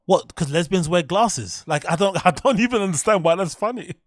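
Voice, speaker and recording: A man's voice: high-pitched, expressive, brisk, no echo, clean studio sound. A man hosting his own show, swearing and ranting in disbelief as he reacts to clips. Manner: profane, incredulous ranting. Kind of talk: casual livestream commentary.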